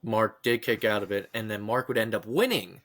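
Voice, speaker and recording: A man's voice: lowish voice, moderate pace, a bit bright. A man hosting a casual podcast chat, running the rundown and steering his co-hosts. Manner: runs the rundown, steers the others. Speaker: podcast host leading the segments.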